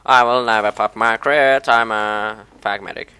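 A man casually commentating his own gameplay, muttering low asides and then yelping in panic, his voice a little low from being sick. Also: steady tone, unhurried, bright, forceful tone, clean tone, dry recording. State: slightly sick, voice a bit low. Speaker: gamer.

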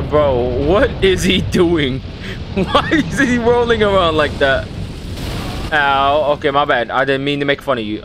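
A young man giving loud, profane, excitable commentary while playing a video game. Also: a little high. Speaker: gaming streamer. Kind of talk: casual gameplay commentary.

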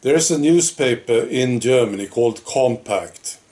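A man's voice: medium pitch, lively intonation, moderate pace, mellow. A man giving a casual opinion monologue to the camera, talking conversationally and dropping frequent rhetorical questions and "right?" asides. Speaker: political vlogger.

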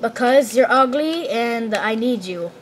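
A harsh father figure in a game who snaps orders and sneers at his son, as a woman puts him on. The voice stays mid-high and the delivery is scolding and mocking. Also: expressive, measured pace, noisy background. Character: bossy, cruel father in a game.

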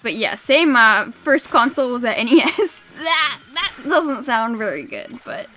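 Young woman gaming streamer, bright lively voice, laughs a lot, faint game music behind. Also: fairly high pitch, unhurried. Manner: excitable, laughs often, sudden shrieks at the game. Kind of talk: casual gaming stream chat.

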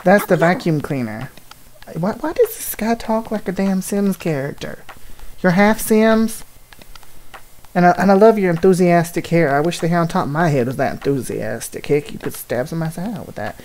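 A woman's voice: fairly low pitch, fast, few pauses, darkish tone. A woman hosting a gaming video, joking and rambling through a Let's Play with a scratchy voice. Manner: chatty, jokey, rambling asides. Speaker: gaming channel host. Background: game music.

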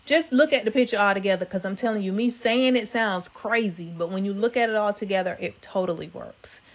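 A woman's voice: mid-range voice, brisk. A woman hosting a fashion vlog, chatting casually with viewers about outfits. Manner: chatty, addresses viewers as y'all. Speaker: fashion vlogger. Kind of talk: casual styling commentary.

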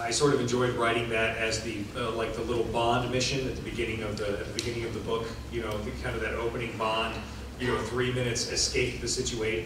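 A middle-aged man answers panel questions in a loose, rambling way, full of false starts. He sounds far from the audience mic. A huge echo surrounds him, and noise hums behind. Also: fairly low pitch. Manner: rambling, many filler restarts. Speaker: author on a convention panel. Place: large convention hall. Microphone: recorded from the audience. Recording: echoey hall, far off, noisy.

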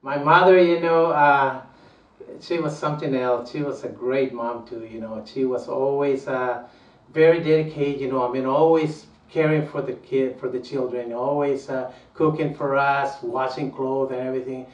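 Older man, South Texas, halting and admiring, off-mic in a roomy space. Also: mid-range voice, steady tone, distant mic, lo-fi sound. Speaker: interviewee. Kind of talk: oral history recollection.

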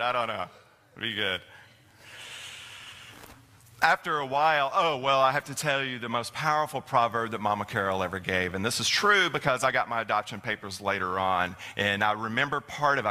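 A man's voice: mid-range voice, pushed and bright. A middle-aged man giving a folksy, storytelling sermon as a minister in a church. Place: church sanctuary. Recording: long hall reverb.

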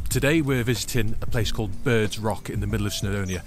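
A man's voice: lowish voice, fast, soft background music. A man from Wales talking to camera outdoors as a photography vlogger, chatty and self-deprecating, thinking aloud about his shots. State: out of breath while climbing. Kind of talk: casual vlog talk to camera. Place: outdoors on a windy Welsh hillside. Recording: wind and loud outdoor noise on the mic.

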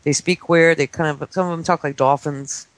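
A man in his forties, a guest on a talk radio show, telling stories excitedly and acting out the voices of children. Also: on the high side, a little fast, no room sound. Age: 40s. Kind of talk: casual talk-radio chat. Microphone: studio microphone.

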